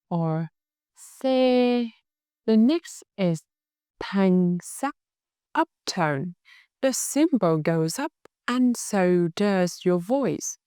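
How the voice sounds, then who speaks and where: Slow, mellow Vietnamese-accented woman teacher. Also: on the low side, smooth, no echo, clean studio sound. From Hanoi, Vietnam. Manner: slow, careful demonstration of tones. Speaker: language teacher. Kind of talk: scripted language lesson.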